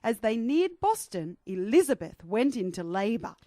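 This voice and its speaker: Woman narrator, lively, animated pitch, dry close mic, comedic storytelling. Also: moderate pace, no echo. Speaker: guest storyteller.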